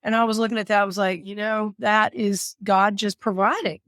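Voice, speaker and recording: A woman from the southern United States, a caregiver and author, telling a story as an interview guest in an animated, dramatic way, quoting herself with sudden high voices. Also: brisk, no echo, studio quality.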